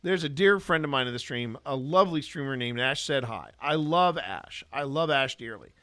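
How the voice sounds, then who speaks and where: A man's voice: medium pitch, expressive, normal speed, fairly bright tone. A man, a paranormal investigator host, casually telling rambling stories with many restarts. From American South. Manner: rambling, frequent restarts and fillers. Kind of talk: casual storytelling Q&A.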